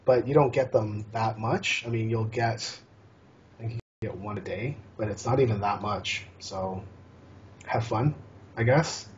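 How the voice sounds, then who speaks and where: A man's voice: lowish voice, unhurried, a little hiss or hum. A man guest on a casual gaming podcast, talking in a rambling way with many restarts and fillers. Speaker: guest, challenge curator. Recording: dull lo-fi podcast audio.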